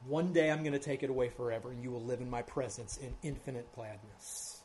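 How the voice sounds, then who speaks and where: Earnest preacher with surging emphasis. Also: male voice, fairly high pitch, moderate pace, few pauses. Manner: earnest, swings from hushed to loud emphasis, keeps asking "right?". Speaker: pastor. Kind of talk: expository sermon.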